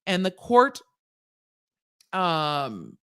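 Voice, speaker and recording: A woman's voice: fairly low pitch, wildly swooping pitch, extremely slow, a bit bright, clean tone. A woman lawyer hosting a casual legal commentary livestream, chatty and digressive, laughing at her own jokes.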